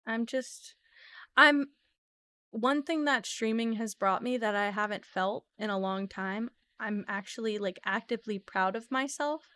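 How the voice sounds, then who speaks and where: A woman's voice: on the high side, unhurried, sharp tone, smooth, dry recording. A woman streamer chatting casually and earnestly with her viewers, emotional and rambling with many fillers. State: emotional, near tears. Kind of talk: casual live-stream chat.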